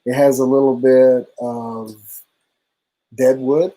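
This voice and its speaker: Mellow-voiced guy rambling on a livestream, easygoing, swears a lot. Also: mid-range voice, flat delivery, slow, poor audio. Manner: laid-back, rambling, curses casually. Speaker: co-host of a motorcycle channel livestream. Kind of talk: casual livestream chat.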